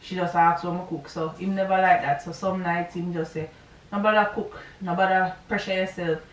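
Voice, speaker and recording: A woman's voice: lowish voice, fairly even intonation, fairly quick, reverberant, distant mic, poor audio. A woman with a Jamaican accent telling a personal story in a casual, rambling vlog, full of asides and checks on the listener. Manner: rambling, chatty retelling with asides. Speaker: vlogger.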